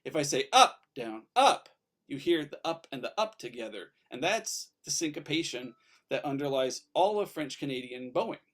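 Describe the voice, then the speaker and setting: Upbeat high-voiced man teaching fiddle. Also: lively intonation, fairly quick. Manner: upbeat, encouraging, counts in and demonstrates. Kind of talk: online fiddle lesson.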